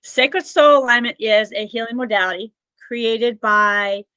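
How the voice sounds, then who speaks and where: Bright-voiced woman healer on a podcast. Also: fairly high pitch, measured pace, clean tone, no echo, low-quality recording. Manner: rambling and earnest, with many "like" fillers and restarts. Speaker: Akashic records practitioner and healer, podcast guest. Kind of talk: conversational podcast storytelling.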